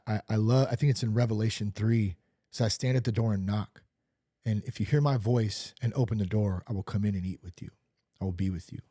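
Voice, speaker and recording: A man's voice: fairly low pitch, warm tone, no echo, clean studio sound. A man hosting a podcast, sharing a personal recovery story in an earnest way and repeating phrases for emphasis. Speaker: podcast host.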